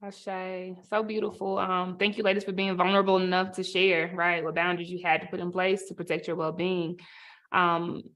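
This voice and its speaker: A woman moderating a panel over a video call, speaking in an unhurried, affirming way with many fillers. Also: fairly low pitch, little pitch movement, fairly bright tone.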